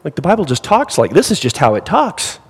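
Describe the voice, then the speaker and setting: A man preaching a sermon with lively rhetorical questions to his congregation. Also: on the high side, brisk, breathy edge, in a large hall, rough recording. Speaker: pastor.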